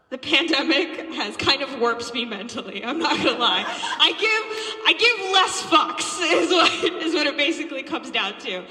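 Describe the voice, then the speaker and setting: Young female stand-up, raw and animated, higher voice, recorded in a reverberant hall. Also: measured pace. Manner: animated, profane storytelling with frequent laughs. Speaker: stand-up comedian. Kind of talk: stand-up comedy set. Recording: echoey hall with long reverb.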